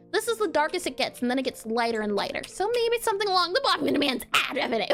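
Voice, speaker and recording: High, lively chatty woman streamer. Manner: chatty, giggly, reads chat aloud and banters. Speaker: pixel art streamer. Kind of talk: casual livestream commentary while drawing.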